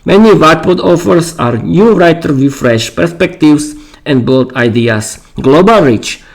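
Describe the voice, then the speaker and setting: Hoarse man hosting a live stream. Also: fairly high pitch, lively intonation, rough recording. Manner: halting, repeats words and restarts. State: losing his voice, clearing his throat. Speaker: podcast host. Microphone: streaming mic.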